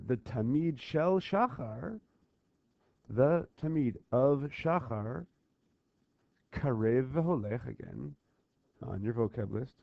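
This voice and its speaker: A man teaching a text lesson, lively and persistent as he drills key phrases and keeps checking that students follow. His voice sits at a middle pitch. The recording is close and dry, with a slightly dull, lo-fi tone. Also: vocal fry, no echo. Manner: animated, chanting call-and-response drills and pausing to check understanding. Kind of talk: explaining a worksheet on a Talmud text.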